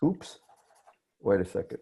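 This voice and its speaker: Speaking in an unhurried, mellow voice, a male professor gives a lecture on a video call via his computer microphone. He often breaks off to fix what he said, restarts, and apologizes.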